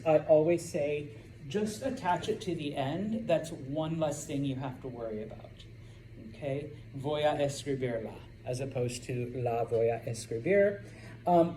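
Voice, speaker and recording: Casual male teacher with a mellow voice. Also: fairly high pitch, a little hiss or hum, poor audio. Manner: casual, many fillers and checks of "okay?". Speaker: Spanish teacher. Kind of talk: classroom lecture. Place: classroom.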